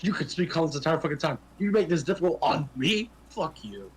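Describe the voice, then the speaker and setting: A man's voice: a little high, lively intonation, a little fast, a little hiss or hum. Fuming, swearing male player. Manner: angry, swearing. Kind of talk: heated tabletop role-play.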